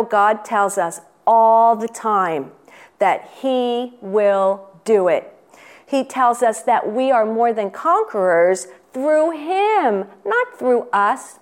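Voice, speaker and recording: A woman giving an earnest devotional sermon, asking the listener questions and speaking with unhurried emphasis. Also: on the high side. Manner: earnest, asks the listener questions, reads quotations. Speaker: Sunday school teacher giving a devotional.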